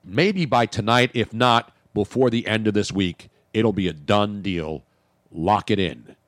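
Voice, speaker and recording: A man's voice: fairly low pitch, steady tone, measured pace, a bit bright, no room sound, clean studio sound. A man hosting a sports talk radio show, joking brashly and crudely in casual banter.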